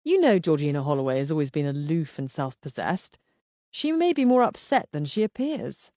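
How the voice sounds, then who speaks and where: A woman reading the lines of a suave, teasing husband in an audiobook, in a dry, unhurried manner. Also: sits low, sing-song, dark tone, dry recording. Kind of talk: audiobook dialogue.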